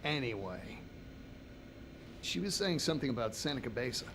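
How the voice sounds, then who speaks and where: A man's voice: medium pitch, lively intonation, moderate pace, lightly acted. Wry male photojournalist, voiced by a man, matter-of-fact, against a noisy backdrop. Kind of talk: video game cutscene acting.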